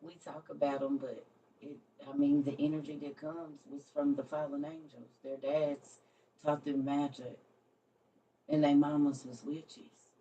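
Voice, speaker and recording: A woman's voice: low-pitched, little pitch movement, measured pace, warm tone, lo-fi sound. A woman hosting a casual livestream, talking bluntly with her viewers and reading a devotional aloud. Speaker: livestream host. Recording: distant mic with faint background noise.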